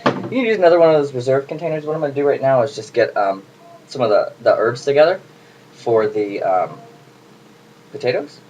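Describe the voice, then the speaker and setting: A man's voice: mid-range voice, animated, a little fast, long pauses, a little mellow, highs cut off. A man hosting a casual home cooking video, chatty and jokey as he talks to the camera while he works in his kitchen. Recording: noisy home recording.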